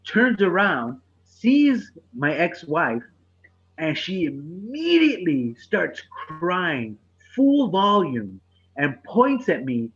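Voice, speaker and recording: Lively husky man telling a story. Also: high-pitched, takes it slowly, lo-fi sound. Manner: animated, profane, laughs through the punchline. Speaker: comedian podcast co-host. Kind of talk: casual storytelling.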